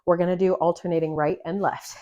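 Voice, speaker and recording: A fitness coach leads a follow-along home workout, breathless but encouraging as she explains each exercise between breaths. Her voice is lowish and warm with a flat delivery, and she talks fast. The recording sounds lo-fi.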